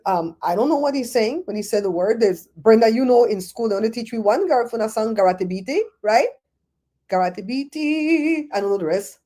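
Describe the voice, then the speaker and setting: A Belizean woman hosting a livestream, chatting in a rambling, animated way and answering viewers' comments. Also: mid-range voice. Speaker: show host. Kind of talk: casual livestream chat, reading comments.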